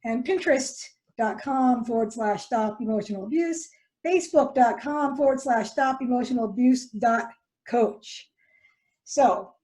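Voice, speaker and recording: Lady podcast host, chatty, fairly high voice, lots of ums. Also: a little slow, a little mellow. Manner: chatty, many fillers and restarts. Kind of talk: casual interview chat.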